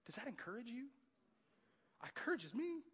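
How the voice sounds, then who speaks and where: A man in his thirties preaching a sermon, animated and jokey, often rising into loud excited outbursts. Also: extremely high pitch, normal speed, slightly rough. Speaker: pastor. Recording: long hall reverb.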